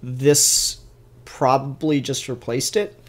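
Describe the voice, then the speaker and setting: A man's voice: medium pitch, fairly even intonation, slow pace, slight background noise. A man casually reviewing a comic book, rambling with enthusiasm and an occasional swear, recorded on his camera mic. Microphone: camera mic, showing pages to camera.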